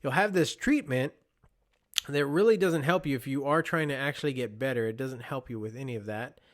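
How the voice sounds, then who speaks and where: A young father hosts his podcast alone, musing aloud in a loose, conversational ramble. His voice sits at an ordinary middle pitch. He drifts into anecdotes as he goes. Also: a little fast. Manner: rambling, conversational, with storytelling asides. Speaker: podcast host. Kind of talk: casual solo monologue.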